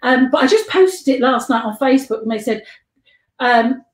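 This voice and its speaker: An older London woman with a high voice chats on a video call, giggly and quick to jump from one anecdote to the next. Her voice bounces around an echoey room. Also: expressive. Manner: chatty, giggly storyteller who jumps between tangents. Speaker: guest and life model. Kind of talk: rambling anecdotal chat. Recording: echoey room on a live stream.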